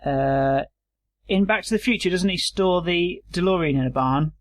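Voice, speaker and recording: Higher-voiced man in casual podcast chat. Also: moderate pace. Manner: jokey, reads text aloud in a plain voice. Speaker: podcast co-host.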